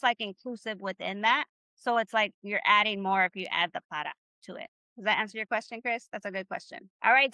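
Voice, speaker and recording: Bright-voiced upbeat woman teaching Spanish. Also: a little high, smooth, no room sound. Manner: upbeat, encouraging, leads call-and-response drills. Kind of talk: live online class.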